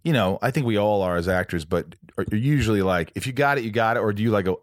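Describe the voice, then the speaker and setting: A man hosting an interview, telling anecdotes in an animated way and asking questions casually. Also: fairly low pitch, fast, hardly any pauses, dry recording, studio quality. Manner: animated storyteller, acts out voices in anecdotes. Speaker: host.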